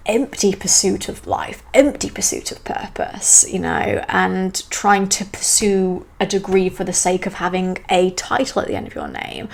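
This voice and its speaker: A woman hosting a solo astrology podcast, talking in a chatty, enthusiastic way with self-aware asides. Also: lowish voice.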